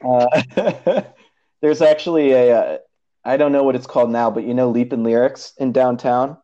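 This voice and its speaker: Young man, casual podcast chat, mellow dark voice, rambling, laughs a lot, dull lo-fi audio. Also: mid-range voice, fairly even intonation, normal speed, slight background noise. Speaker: podcast co-host.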